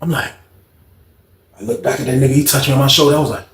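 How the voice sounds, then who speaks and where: A man telling a profane personal story in an animated way, acting out the scenes. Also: medium pitch, fast talker. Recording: roomy echo.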